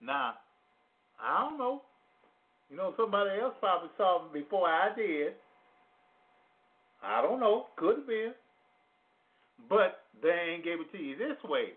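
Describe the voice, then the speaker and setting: A man preaching a teaching on a psalm, speaking slowly, repeating phrases for emphasis and putting questions to his listeners in casual vernacular grammar. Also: high voice, sing-song. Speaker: radio preacher. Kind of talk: slow sermon teaching on scripture. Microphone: phone call-in to internet radio. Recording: tinny phone-line audio.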